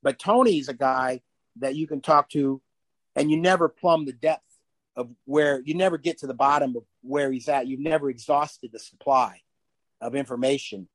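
An older man talking as a podcast guest in a rambling, animated way, laughing often as he tells stories. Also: medium pitch, normal speed, dry recording. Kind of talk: casual interview chat.

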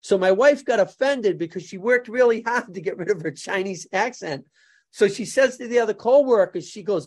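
A man's voice: high-pitched, lively intonation, fairly quick, a little mellow, husky. A man, a jujutsu instructor telling funny stories in a casual podcast chat. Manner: jokey storyteller, laughs at his own stories.

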